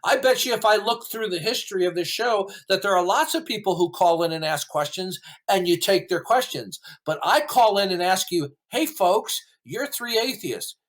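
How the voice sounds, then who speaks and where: A man's voice: high-pitched, moderate pace, few pauses. A man arguing combatively on a podcast, indignant and full of rhetorical questions. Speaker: caller recounting a call-in debate. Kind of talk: argumentative podcast talk.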